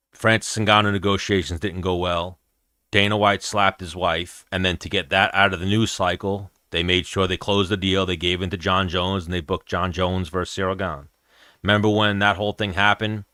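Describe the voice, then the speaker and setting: A man's voice: low-pitched, flat delivery, normal speed, bright, forceful tone, clear, resonant tone, dry recording, clean studio sound. A man hosting a podcast, chatting casually as he watches fights and laying out his opinions step by step. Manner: opinionated, talks through his reasoning. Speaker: podcast host.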